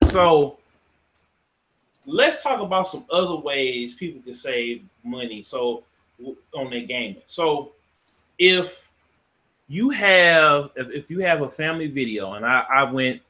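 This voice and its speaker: Bright-voiced laid-back podcast co-host man. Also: medium pitch, expressive. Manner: laid-back, backchannels, halting restarts. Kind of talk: casual podcast chat.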